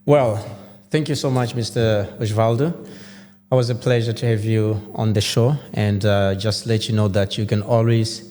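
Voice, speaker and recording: A man's voice: on the low side, steady tone, normal speed, darkish tone. A man hosting an interview show, asking questions in a casual way and often repeating his words. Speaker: show host. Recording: long room reverb, faint hum.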